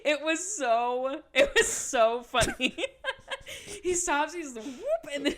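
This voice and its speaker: A woman, co-hosting a podcast, telling a story in casual chat, animated and laughing, swearing freely. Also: high voice, takes it slowly. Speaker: podcast co-host.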